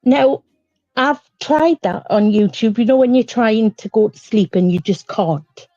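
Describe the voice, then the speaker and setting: A woman's voice: fairly high pitch, mellow, no room sound. A middle-aged woman with a Geordie accent, chatting casually on a livestream panel and laughing often. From northeast England. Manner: chatty, laughs often, loose pauses and fillers. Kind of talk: casual chat. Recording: dull lo-fi stream audio.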